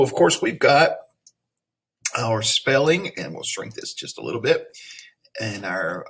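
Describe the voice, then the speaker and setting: A man teaches an online reading lesson, patiently sounding out words, slowly repeating patterns, and thinking aloud. His mid-range voice is a bit bright with a breathy edge.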